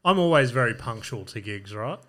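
A man's voice: medium pitch, lively intonation, brisk, bright, forceful tone. A man with an Australian accent, co-hosting a podcast in casual chat, laid-back and self-mocking, with frequent swearing. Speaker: podcast co-host and comedian.

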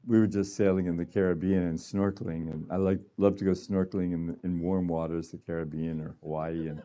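A man's voice: deep voice, little pitch movement, fairly quick, warm tone. A man giving a conversational sermon to a gathering, laughing often and acting out little voices. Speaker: healing room director speaking.

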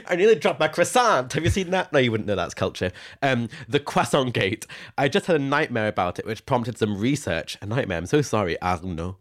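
A man's voice: medium pitch, very animated, fairly quick. A young man co-hosting a casual podcast, reading out listener questions and laughing often. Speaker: podcast co-host. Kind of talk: casual chat.

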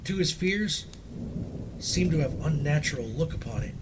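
Male storyteller, slightly high voice, solemn horror reading. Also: lively intonation, crowd noise, poor audio. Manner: measured, solemn narration.

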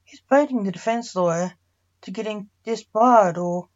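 A woman's voice: medium pitch, normal speed, a little mellow, natural voice. A woman voicing a male sorcerer on trial, who answers reluctantly and awkwardly, in a storybook reading. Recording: dull lo-fi recording.

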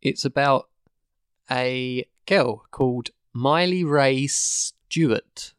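A man's voice: medium pitch, very slow, clean tone, no echo, studio quality. A man co-hosting a podcast, chatting casually, explaining things and laughing often. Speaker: podcast co-host.

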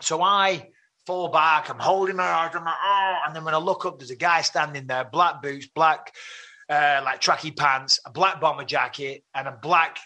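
Bright-voiced Englishman telling a story. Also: on the high side, moderate pace. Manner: animated, acts out his own quotes with rising voice. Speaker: podcast guest. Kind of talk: storytelling in casual chat.

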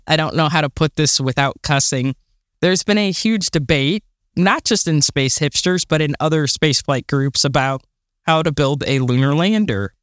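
Brief: male co-host, slightly high pitch, dry recording, chatty space enthusiast who rants. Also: fairly bright tone, clean tone, no echo. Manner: enthusiastic, exasperated rants with fillers and laughs. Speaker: podcast co-host. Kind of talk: casual chat.

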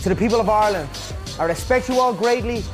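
Brief: a man doing a high, grandiose male statesman's address over a hip hop beat. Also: quick pace, lightly acted. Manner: grand, solemn oratory. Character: pompous male leader addressing his nation. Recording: hip hop music playing behind. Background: hip hop music.

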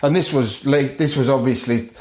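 A man's voice: mid-range voice, fairly even intonation, normal speed, a little mellow. Guy, middle-aged, telling his story on a podcast, does everyone's lines, lots of chuckles, echoey room. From north of England. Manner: vivid retelling, acts out other people's lines and chuckles often. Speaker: guest. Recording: roomy echo.

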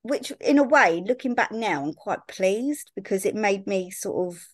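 A woman's voice: mid-range voice, animated, moderate pace, dry recording, clean studio sound. A young woman from Sussex, a podcast guest, telling stories in casual chat and filling her sentences with "like" and "I remember.". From Sussex, England. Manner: chatty storyteller, peppered with "like" and "I remember".

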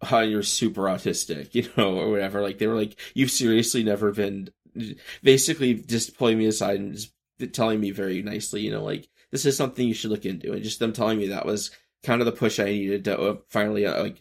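A man in his thirties talks through a loose podcast monologue with a low, gravelly voice. He stops and restarts often and swings between bursts of energy and quieter, subdued stretches. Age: 30s. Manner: halting, self-interrupting, shifts between high energy and subdued. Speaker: podcast host. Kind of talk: rambling casual monologue.

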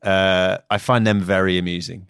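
A man's voice: sits low, flat delivery, normal speed, vocal fry, fairly bright tone, clean tone, dry recording. Male podcast host, playful and teasing banter, dry close sound. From United Kingdom. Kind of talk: casual comedic chat.

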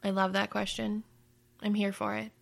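A woman's voice: mid-range voice, little pitch movement, normal speed, creaky. A woman hosting a casual family chat, asking a child questions in a playful, upbeat way and laughing easily.

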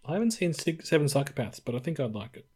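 A man's voice: a little high, big pitch swings, fast, darkish tone, breathy edge. A man co-hosting a podcast, chatting casually about a film in an easygoing, musing way. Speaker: podcast co-host. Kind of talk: casual film review chat.

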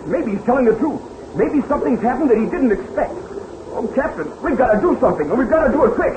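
An actor playing an eager, boyish young sidekick in a 1930s radio drama, with excited exclamations. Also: male voice, very high-pitched, fast. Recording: echoey old radio recording with hiss.

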